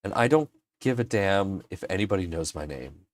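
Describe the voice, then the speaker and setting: A man with a low, animated voice speaks at normal speed, recorded with no echo. He hosts a casual livestream from his home workshop as a maker, earnest and emotional, frequently restarting sentences.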